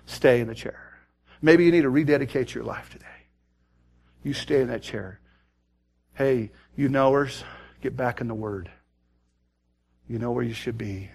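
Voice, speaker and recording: A man preaching a sermon, telling a story dramatically and swinging from loud to hushed. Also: medium pitch, normal speed, pauses often. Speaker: pastor.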